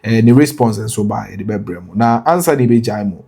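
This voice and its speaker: A man's voice: fairly low pitch, expressive, a little fast, gravelly, dark tone, husky. A man hosting a news commentary in a loose, offhand way. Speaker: news show host.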